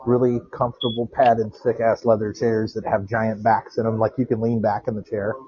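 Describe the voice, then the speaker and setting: Walking outdoors before heading into a quiet bar, a man co-hosts a podcast on the phone, spinning rambling stories and laughing often in casual conversation. He speaks at a normal pace with a fairly low, flat delivery. The audio is lo-fi and dull, like a phone call.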